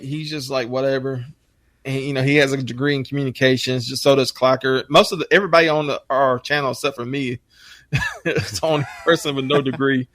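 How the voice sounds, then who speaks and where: A man telling profane, rambling stories in a casual podcast chat, his voice shooting up high when he gets worked up. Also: a bit bright, dry recording.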